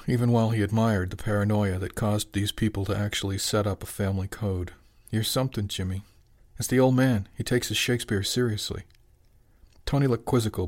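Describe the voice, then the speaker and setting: A man reading a novel aloud as narrator, even in his storytelling and lifting his voice for the characters' lines. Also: lowish voice. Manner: even storytelling, lifts into dialogue. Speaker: audiobook narrator. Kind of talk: scripted narration.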